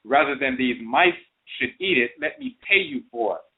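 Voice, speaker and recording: A man's voice: mid-range voice, sing-song, moderate pace. A man telling of a greedy pleading dog, phone-line sound. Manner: pleading, scheming. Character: greedy, restless male dog. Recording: phone-line internet radio.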